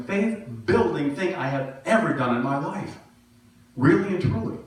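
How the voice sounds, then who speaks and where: A middle-aged male minister giving a sermon in a conversational, storytelling way with self-deprecating humor. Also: fairly high pitch. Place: church sanctuary. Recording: echoey hall from far off.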